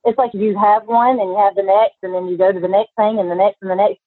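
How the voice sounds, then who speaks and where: A woman's voice: medium pitch, steady tone, fast talker, slightly rough, no echo. Bubbly woman guest on a tinny line. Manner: bubbly, friendly. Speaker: podcast guest. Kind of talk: casual interview chat.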